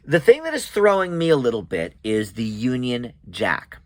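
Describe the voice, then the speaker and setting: A man's voice: mid-range voice, huge pitch swings, normal speed, a little hiss or hum. A man chatting casually as he recaps and reviews a TV episode, with many ums and restarts.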